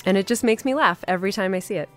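A woman hosting a podcast, reviewing an episode in a casual, enthusiastic way with many fillers and pauses. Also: medium pitch, fairly bright tone, soft background music. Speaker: podcast host.

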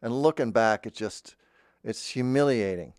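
A man's voice: medium pitch, moderate pace, darkish tone, no echo, studio quality. A man in a mock-earnest improvised comedy monologue, playing a voice-acting teacher who rambles and keeps interrupting himself.

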